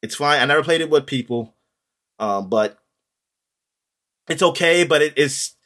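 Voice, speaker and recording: A man's voice: a little high, lively intonation, measured pace, fairly bright tone. A man chatting casually in a podcast, rambling with many ums and restarts. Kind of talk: casual chat about video games.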